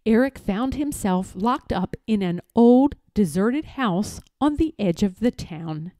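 A woman reading a children's picture book aloud, narrating in a slow, expressive storytelling way. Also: on the high side, no room sound.

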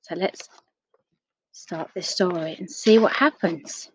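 A woman reading a picture book aloud to children, gentle and unhurried, with questions for her listeners. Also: on the low side, husky. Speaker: storyteller.

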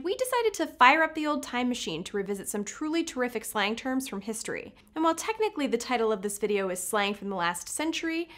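A woman hosts a scripted educational video in a fairly high voice that moves up and down a great deal. She delivers her facts in a playful way and tosses in jokey asides. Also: bright, forceful tone. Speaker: host, editor-in-chief.

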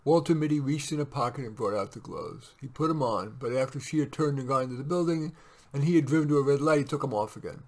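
Male reader, mid pitch, steady measured story narration. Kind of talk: reading a short story aloud.

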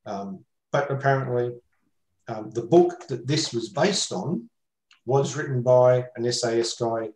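A man's voice: mid-range voice, a little slow, a little mellow, echoey room, poor audio. An Australian man chatting casually on a panel over a video call, rambling with many fillers. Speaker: panel guest.

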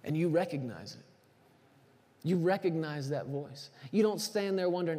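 A man preaching a sermon as pastor, animated and acting out everyday scenes. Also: fairly high pitch, normal speed. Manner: animated storyteller, acts out phone calls. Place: church sanctuary. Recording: long church reverb.

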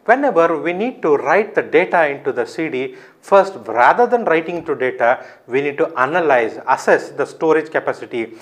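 A man giving a recorded lecture, explaining step by step, often asking his own questions and answering them. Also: a little high.

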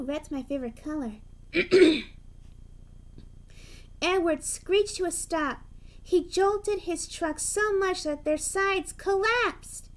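A woman reads a children's train storybook aloud at an unhurried pace, in a high voice. Now and then she breaks off the story for a chatty comment of her own. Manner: chatty asides between the narration.

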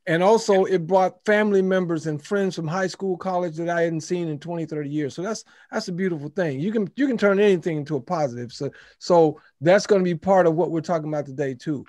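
Upbeat high-voiced Southern man hosting. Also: quick pace, few pauses, darkish tone, no room sound, studio quality. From Memphis, Tennessee. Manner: upbeat, laughs often, repeats phrases. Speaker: webinar host. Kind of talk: casual webinar talk. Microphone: video call.

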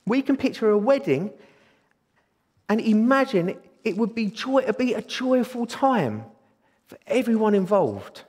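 Guy preaching, really high voice, lively, echoey church hall. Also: measured pace, breathy edge. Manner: excitable, bursts into exclaiming. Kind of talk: sermon. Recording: long hall reverb.

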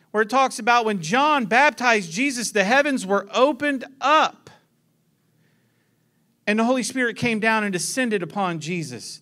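A man preaching a sermon to a congregation, telling a story with lively asides and calling out to the room. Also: high-pitched. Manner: animated storytelling, calls to the congregation.

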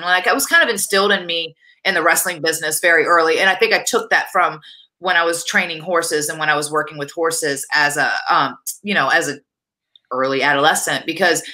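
A woman with a lowish but bright voice gives blunt, honest opinions. She rambles, filling her speech with "like" and "you know", in a casual video interview. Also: rough recording. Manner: frank, rambling, many fillers like "like" and "you know". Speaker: guest, wrestler.

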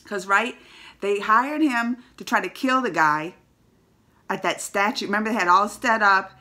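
A woman chatting casually about a film she watched, retelling scenes with lively excitement. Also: mid-range voice, normal speed. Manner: animated, acts out scenes with rising excitement. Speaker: movie reviewer. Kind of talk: casual reaction chat.

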